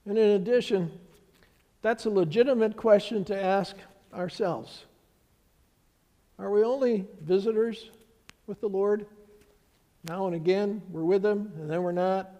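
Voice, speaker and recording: A man's voice: high-pitched, unhurried, pauses often, warm tone, in a large hall. A middle-aged man preaching a sermon as pastor, telling stories in a conversational way with voices for the people he quotes. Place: church sanctuary.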